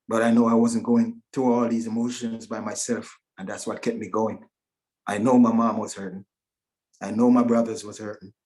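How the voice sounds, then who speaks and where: Brief: middle-aged man with a lowish voice, telling his own story haltingly and emotionally on a video call. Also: darkish tone. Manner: emotional, halting, with many restarts. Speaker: guest speaker at a virtual event. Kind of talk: personal testimony.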